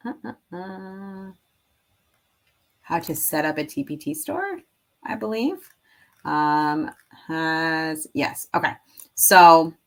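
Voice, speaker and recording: A woman's voice: deep voice, gravelly. A woman who teaches and sells online, giving a casual screen-share tutorial in a rambling way full of fillers, laughing at herself now and then.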